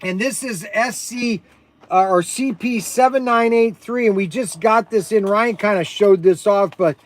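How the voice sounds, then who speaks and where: Energetic man, high-pitched voice, rambling livestream host, lots of ums and restarts. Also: unhurried. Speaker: host and shop owner. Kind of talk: casual livestream product talk.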